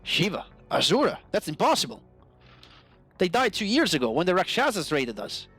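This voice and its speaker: A man reads out the lines of an intense young clan warrior from a role-playing game, in a fairly high voice. The warrior sounds urgent and defensive, with quiet game music underneath. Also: very animated, normal speed, slightly rough, full character voice. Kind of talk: reading game dialogue aloud.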